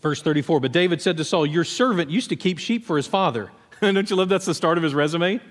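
Pastor, male, fairly high voice; conversational, animated sermon delivery; long church reverb. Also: fast. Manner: conversational, animated storytelling with acted asides. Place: church sanctuary.

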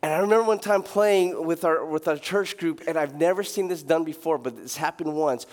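A young adult man preaches from the pulpit with a notably high voice. He tells stories with lively, animated delivery and joking asides, sometimes mimicking a loud street preacher. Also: fairly quick. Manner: animated, acts out shouting street preachers with big pitch jumps; joking, laughs at his own asides. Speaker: pastor. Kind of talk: sermon.

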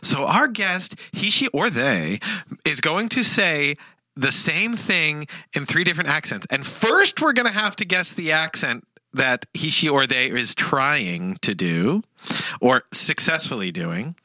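A man co-hosting a podcast in casual chat, excitable and joking. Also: on the high side, dry recording, low-quality recording. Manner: excitable, joking, quick to laugh. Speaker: podcast co-host.

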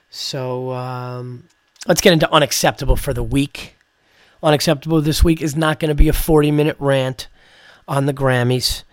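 Hoarse new guy on his podcast, kinda sick sounding, swears a lot, rants and tells stories, dry close mic. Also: no echo. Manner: profane, storytelling, rants with rising pitch. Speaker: comedian podcast host. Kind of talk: casual chat.

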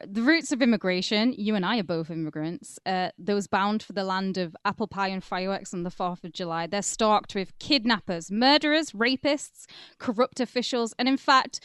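A woman's voice: medium pitch, a bit bright, clear, resonant tone, no room sound, studio quality. A woman co-hosting a podcast, telling a story in a wry, sardonic way. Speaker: podcast co-host. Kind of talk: casual podcast chat, reading from notes.

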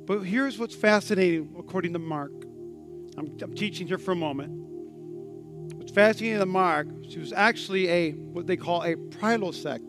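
A man preaching a sermon as pastor, animated and acting out quotes with big swings in loudness. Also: high voice, normal speed, over music.

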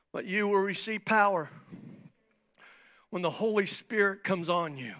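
Preaching an evangelistic sermon in church, this pastor bursts into shouts, then drops to hushed near-whispers. His high voice is animated but a bit slow, and he takes long pauses.

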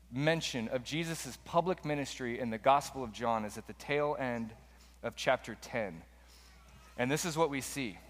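A man preaching a sermon in a casual, conversational storytelling manner. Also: mid-range voice. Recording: long reverb of a large hall.

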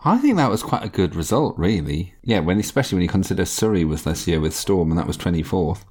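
A man's voice: low voice, very animated, quick pace, a little mellow. A man co-hosting a casual podcast chat, playful and teasing, laughing often. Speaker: podcast co-host.

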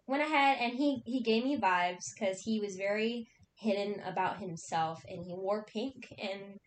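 A young woman telling a story in casual chat, swearing often and acting out what people said. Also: moderate pace. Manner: profane, animated storyteller acting out quotes. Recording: echoey room, faint rumble.

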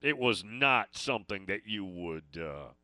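A man's voice: lowish voice, expressive, a little slow, pushed and bright. A man hosting a sports call-in radio show, talking casually and rambling between stories and listener messages.

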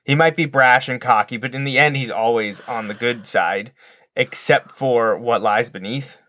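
A man's voice: medium pitch, moderate pace, pushed and bright, no echo. Male podcast co-host, casual movie-watching chat, rambling and friendly. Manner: chatty, rambling with restarts.

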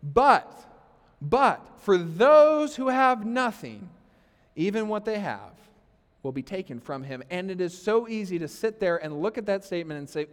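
A man's voice: sits high, animated, a little slow. A man preaching a sermon as pastor, conversational, with sarcastic asides and frequent "okay?" checks. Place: church sanctuary. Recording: long hall reverb.

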